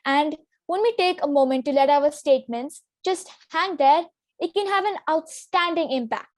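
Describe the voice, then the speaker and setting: High-voiced young woman teaching public speaking. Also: moderate pace, no echo, clean studio sound. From Singapore. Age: teenager. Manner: clear, instructive delivery with demonstration sentences. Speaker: student workshop presenter.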